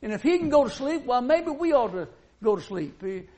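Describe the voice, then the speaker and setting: A man's voice: extremely high pitch, sing-song, fairly quick, a little mellow. A man preaching a sermon at a church service, in a folksy, conversational way full of rhetorical questions.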